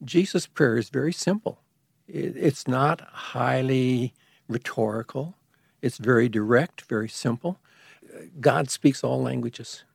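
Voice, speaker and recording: A man talks through an explanation in a measured way, pausing and restarting as he goes. His voice is gravelly with a husky edge. It is recorded dry and close. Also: mid-range voice, no echo. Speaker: guest expert on liturgy. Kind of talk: explanatory conversation.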